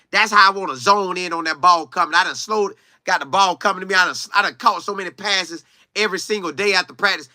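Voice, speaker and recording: A man's voice: high voice, fairly quick, pushed and bright, no echo, studio quality. A young man hosting a casual livestream, reading viewer comments and answering them, repeating words for emphasis.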